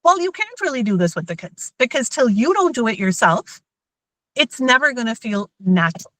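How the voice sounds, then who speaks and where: A woman and mother giving a lively workshop talk on emotional intelligence to parents and teachers. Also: fairly high pitch, moderate pace, no room sound, poor audio. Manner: lively, acts out everyday scenes in quoted voices.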